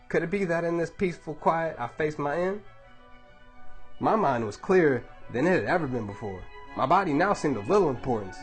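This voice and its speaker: A man reading a book aloud to his baby, telling the story in a measured, dramatic way. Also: a little high.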